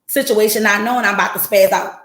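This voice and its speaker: A woman's voice: mid-range voice, steady tone, fast talker, fairly bright tone, echoey room. A woman hosting a podcast on a livestream, telling her story bluntly and with profanity while talking straight to her chat. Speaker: podcast host. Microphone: home livestream setup.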